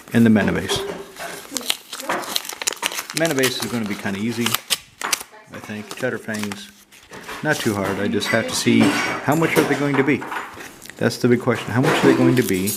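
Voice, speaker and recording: A man with a low, gravelly voice rambles and thinks aloud in a casual home chat, dropping the odd swear word. Running water can be heard clearly behind him. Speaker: channel host opening card mail. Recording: noisy room with running water.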